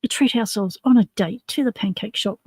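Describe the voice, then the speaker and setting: Gravelly-voiced woman hosting a livestream chat. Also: mid-range voice, brisk, no echo. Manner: chatty, rambling, laughs often. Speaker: livestream host.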